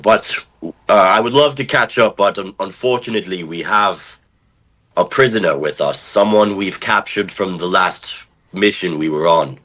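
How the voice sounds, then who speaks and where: A man playing his character at a tabletop game, halting and repeating words as he speaks. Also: low voice, sharp tone, low-quality recording. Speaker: player.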